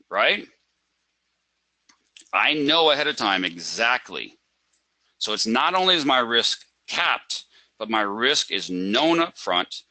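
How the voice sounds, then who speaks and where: A man's voice: medium pitch, sharp tone, dry recording, poor audio. A man teaching a live trading webinar, asking rhetorical questions and acting out a panicked trader. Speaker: trading instructor.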